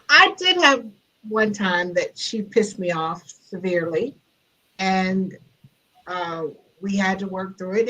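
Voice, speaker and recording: A middle-aged woman guest speaker telling a personal story over a video call, animated and laughing as she gets louder. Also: medium pitch, low-quality recording. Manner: animated, grows loud and laughing in retelling. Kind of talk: storytelling in a conversation.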